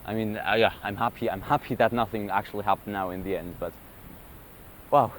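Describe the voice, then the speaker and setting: A young man, a wildlife photographer, talking casually and excitedly to the camera in a vlog. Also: lowish voice, a little fast, a little hiss or hum. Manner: chatty, excitable, breathless storytelling.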